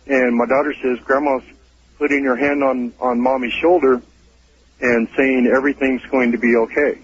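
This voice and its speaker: A man's voice: mid-range voice, flat delivery, moderate pace, slightly rough, no echo, muffled recording. A man, a father, calling in to tell a ghost story in a plain, matter-of-fact way. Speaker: caller. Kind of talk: telling a ghost story by phone.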